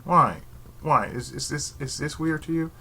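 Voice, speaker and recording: A man ranting in a casual vlog from his bedroom, rambling and sarcastic, who keeps slipping into mocking high voices and laughing. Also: moderate pace, vocal fry, sharp tone, husky. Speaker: YouTube channel host. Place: his own bedroom setup.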